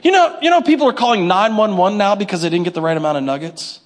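A man preaching a sermon to his congregation, animated, with call-and-response and little acted-out scenes. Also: high voice, fast talker. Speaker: pastor.

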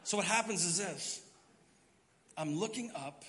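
A middle-aged man preaching a sermon as pastor, telling a story in an animated way and acting out his own panicked thoughts. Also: high voice, unhurried, noisy background. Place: church sanctuary. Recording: long hall reverb.

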